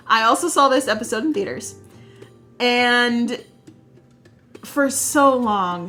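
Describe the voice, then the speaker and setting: A young woman vlogging about her favorite scenes, gushing and telling stories with excitement, with faint music behind her. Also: medium pitch. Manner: gushing, excitable, animated storytelling. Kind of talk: casual fan commentary.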